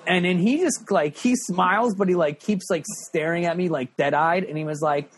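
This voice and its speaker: Guest, male, high pitch, animated storyteller who acts out every character. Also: moderate pace, slight background noise. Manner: animated, profane, laughs often, acts out the people in his story. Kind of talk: casual storytelling.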